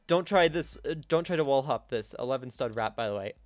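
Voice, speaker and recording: A young man giving live gameplay commentary, swinging between yelling in frustration and quiet muttering to himself. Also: medium pitch, animated, brisk, no echo, faint music behind. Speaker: gaming YouTuber.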